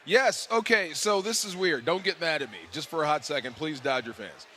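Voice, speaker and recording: Animated, slangy higher-voiced radio host. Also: male voice, normal speed, slight background noise. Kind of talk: casual sports talk.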